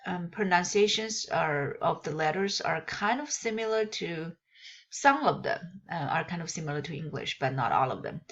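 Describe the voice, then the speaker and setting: A woman whose first language is Mandarin Chinese, teaching a lesson and explaining in halting phrases that she often corrects mid-sentence. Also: lowish voice. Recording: dull lo-fi recording.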